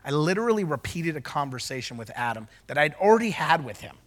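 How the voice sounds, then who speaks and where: A man preaching a sermon as a pastor, moving from loud declarations to quick, chatty storytelling in front of a church congregation. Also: a little high, very animated. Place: church service before a congregation.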